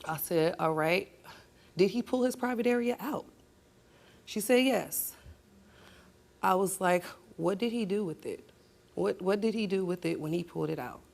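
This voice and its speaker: A woman's voice: medium pitch, normal speed, vocal fry, pauses often, darkish tone. A woman guest on a talk show, recounting a painful family story and growing heated as she argues with her mother. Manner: heated, talks over others. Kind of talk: emotional testimony on a talk show.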